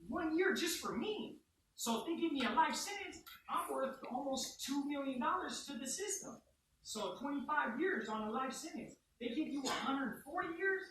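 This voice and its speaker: A young man telling a class a personal story in an animated, profane way. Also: very high-pitched, a little hiss or hum. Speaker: student speaker. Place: university classroom. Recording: echoey classroom from far off.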